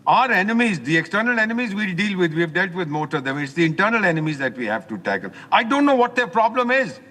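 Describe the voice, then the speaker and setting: Older man, ex-diplomat commentator, lecturing and indignant, fairly high voice, long reverb on the line from a car. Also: animated, fast talker, sharp tone. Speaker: former ambassador, guest commentator. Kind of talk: phone-in commentary while driving.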